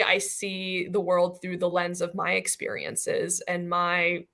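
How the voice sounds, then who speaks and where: A middle-aged woman from Iran speaks as a physician guest on a panel, her voice bright and forward. She tells her stories animatedly, sprinkling her talk with "like" and casual asides. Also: lowish voice, slow pace, creaky. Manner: animated storytelling, many "like" fillers.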